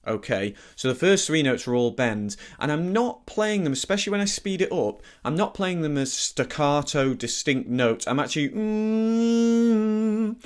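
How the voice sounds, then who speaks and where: A man teaching a harmonica lesson in a relaxed, easygoing way, thinking aloud and correcting himself as he explains. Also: fairly high pitch, normal speed, hardly any pauses. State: slightly out of breath. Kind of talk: relaxed instructional talk.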